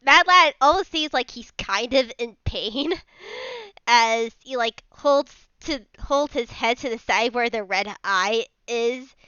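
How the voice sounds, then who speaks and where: Slow bright-voiced woman player. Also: fairly high pitch, expressive, smooth, no room sound, dull audio. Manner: rambling, many fillers and restarts in narration. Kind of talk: casual tabletop role-play.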